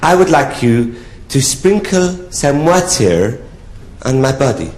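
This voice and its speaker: A man's voice: medium pitch, very animated, slow pace, darkish tone, voice pushed up. Man putting on a swooning old French count. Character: elderly French count, pompous and romantic. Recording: echoey theatre with audience ambience.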